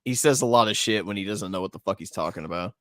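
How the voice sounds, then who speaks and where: A man's voice: lowish voice, quick pace, a bit bright. A man on a casual podcast, chiming in with short, blunt comments.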